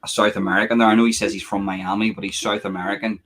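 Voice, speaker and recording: A man's voice: fairly low pitch, level tone, very fast, fairly bright tone. A young man hosting a live fight reaction stream, rambling chattily with lots of fillers and casual swearing.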